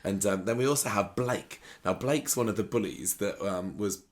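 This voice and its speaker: A man's voice: lowish voice, normal speed. A man co-hosting a casual chat show, wry and chatty. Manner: chatty, wry, full of restarts. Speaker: podcast co-host. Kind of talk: casual chat about a soap opera.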